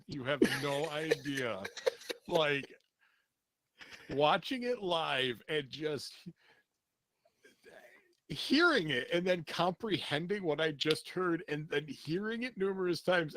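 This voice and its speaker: Lively, animated male podcast host. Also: on the high side, takes it slowly. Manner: animated, self-mocking storytelling with frequent laughs. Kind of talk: casual comedic chat.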